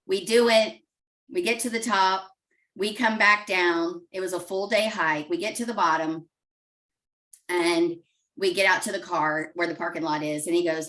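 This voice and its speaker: A middle-aged woman shares her story openly and from the heart. Her voice sits a little low, with a bright, forward tone. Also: steady tone, moderate pace, recorded from a distance, rough recording. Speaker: guest client. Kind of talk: emotional personal story.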